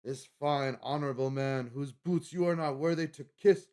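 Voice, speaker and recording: A man's voice: medium pitch, moderate pace, a little mellow, pitched above the performer's own voice, natural voice. A man putting on a furious male cook, ranting indignantly in a mock British accent while quoting a film scene.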